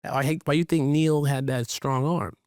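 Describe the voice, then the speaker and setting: A man co-hosting a podcast in casual chat, playful and slangy, jumping into high quoted voices. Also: steady tone, moderate pace, darkish tone, dry recording, clean studio sound. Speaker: podcast co-host. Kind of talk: casual chat recapping a sitcom episode.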